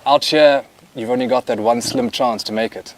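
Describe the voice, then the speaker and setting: A man's voice: mid-range voice, steady tone, normal speed. Male wildlife cameraman, casual interview, laid-back and dryly funny.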